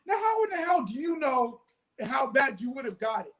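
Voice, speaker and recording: A man's voice: extremely high pitch, normal speed, low-quality recording. A man co-hosting a casual political chat, telling stories with plenty of animation. He acts out the other people in his stories as he goes along. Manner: animated storytelling, acts out quoted dialogue.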